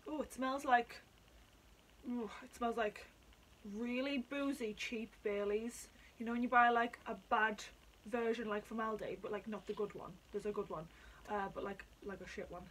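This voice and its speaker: A woman chatting excitably at home in a casual vlog, sweary and talkative. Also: on the high side, normal speed, low-quality recording. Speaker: vlogger reviewing drinks. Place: at home indoors.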